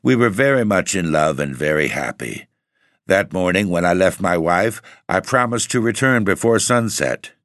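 Deep-voiced man narrating a story. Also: fairly bright tone, no echo, studio quality. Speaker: audiobook narrator. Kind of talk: first-person story narration.

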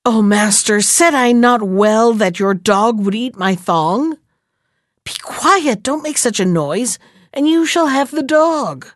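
A woman reading a folk tale aloud, lifting her pitch for the characters' speech. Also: no echo, clean studio sound. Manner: unhurried, voices characters with raised pitch. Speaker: narrator. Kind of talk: storybook reading.

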